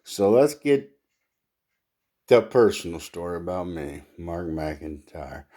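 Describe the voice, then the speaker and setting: A man doing stand-up comedy, halting, with fillers, laughing at his own jokes. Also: deep voice, very animated, dark tone.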